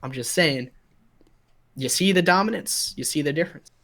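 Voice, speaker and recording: Laid-back young esports caster. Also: male voice, a little high, normal speed, fairly bright tone. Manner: laid-back, chatty, greets chat viewers. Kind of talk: live esports commentary.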